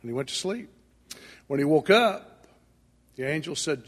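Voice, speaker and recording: A husky male preacher tells a scripture story in a folksy way and slips into the voices of its characters. His voice sits somewhat high for a man and rings with the long reverb of a big hall. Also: animated, moderate pace. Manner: folksy storytelling, acting out dialogue. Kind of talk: sermon.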